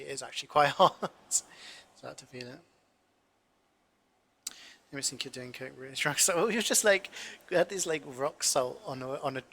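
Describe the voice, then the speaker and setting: A man's voice: mid-range voice, pushed and bright. A man in his twenties, a cooking streamer, rambling through casual stories with lots of fillers and the odd swear in a home kitchen. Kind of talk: casual chat while cooking.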